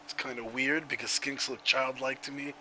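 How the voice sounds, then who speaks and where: Bright-voiced man commentating a video game. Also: medium pitch, steady tone, moderate pace, a little hiss or hum, poor audio. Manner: chatty, laughs easily.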